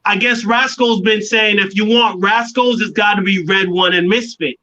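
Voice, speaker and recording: High bright-voiced man telling stories. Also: normal speed. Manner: animated storyteller, acts out quoted voices. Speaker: guest artist. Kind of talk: casual storytelling interview. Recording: dull lo-fi sound.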